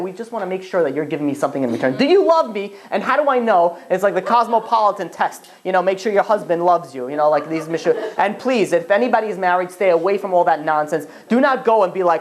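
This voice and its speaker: Rambling New rabbi teaching casually. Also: male voice, sits high, fast talker, few pauses. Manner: rambling and animated, full of asides and acted-out dialogue. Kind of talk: informal Torah class lecture.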